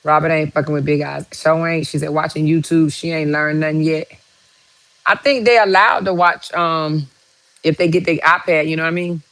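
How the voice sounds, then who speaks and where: A woman hosting her own vlog, reacting out loud to news with exclamations and lots of swearing, talking straight to her viewers. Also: low voice, steady tone, moderate pace, low-quality recording. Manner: profane, exclamatory, talks to viewers. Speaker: vlogger host. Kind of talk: casual reaction commentary.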